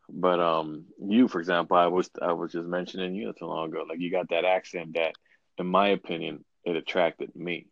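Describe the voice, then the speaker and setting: Guy with a really low gravelly voice, flat monotone, rambly podcast chat, dry muffled sound. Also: moderate pace, no room sound. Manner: rambling, frequent restarts and "you know". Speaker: podcast host.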